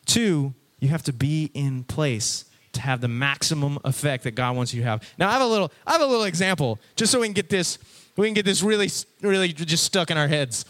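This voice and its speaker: A man preaching a casual, lively sermon from a stage before an audience, talking conversationally and acting out his listeners' reactions. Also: a little high, brisk.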